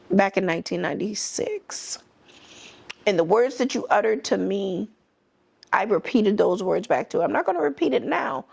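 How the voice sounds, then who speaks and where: Blunt middle-aged woman with gravelly voice. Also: a little high. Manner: blunt, emphatic and candid. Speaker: podcast host. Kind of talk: personal storytelling.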